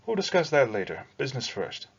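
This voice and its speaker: A man playing a brisk, guarded travelling merchant. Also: mid-range voice, very animated, gravelly, breathy edge, highs cut off, pitched above the performer's own voice, full character voice.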